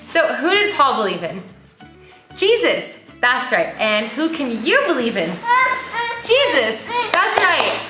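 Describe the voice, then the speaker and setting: A young woman leading a preschool church Bible lesson, sing-song and animated, asking the kids questions. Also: sits high. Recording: roomy echo with faint music.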